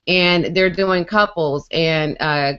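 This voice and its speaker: A woman's voice: low voice, slow pace, fairly bright tone, clear, resonant tone. A woman co-hosting a casual video-call chat, talkative and playful, laughing often. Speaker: co-host. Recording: muffled lo-fi video-call audio.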